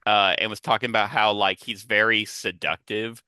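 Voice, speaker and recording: A man's voice: fairly low pitch, little pitch movement, normal speed, bright, forceful tone, dry recording. A man hosting a podcast in casual chat, rambling and chatty with lots of asides, talking on a headset. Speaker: podcast host.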